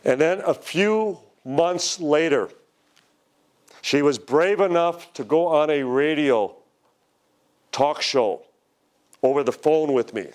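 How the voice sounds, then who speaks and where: An older man tells a story to a conference audience, unhurried and measured. His pace is slow and he lets the tension build. He quotes the people in the story with dramatic emphasis. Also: on the high side, a little mellow. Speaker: speaker at a UFO conference. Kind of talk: storytelling lecture. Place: lecture hall.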